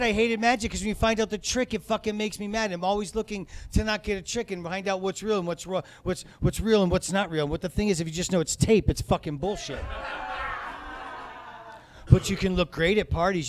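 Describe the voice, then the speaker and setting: A man doing stand-up on a comedy club stage, his voice sitting a little high for a man. He rambles and swears freely, jumping from loud rants to quiet, low asides. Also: fast talker. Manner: profane, rambling, shifts between shouting and quiet asides.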